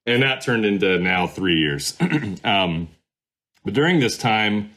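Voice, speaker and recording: Middle-aged man, low register, loose conversational storyteller who circles back and restarts. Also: lively intonation, slow pace, a bit bright. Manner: rambling, many fillers and restarts. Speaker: podcast guest, former pastor. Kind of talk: casual storytelling interview.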